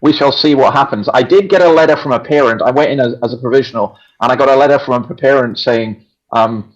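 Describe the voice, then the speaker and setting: A man's voice: medium pitch, quick pace. A man with a Scottish accent, a pastor talking earnestly and emphatically in a conversational religious discussion, often restarting his sentences. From Scotland. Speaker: pastor and show regular. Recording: dull lo-fi sound.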